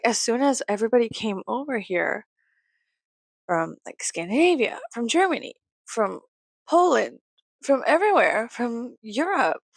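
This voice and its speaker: A woman vlogger ranting in a casual, rambling way, full of swearing, jumping from loud outbursts to low mutters. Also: gravelly, dry recording.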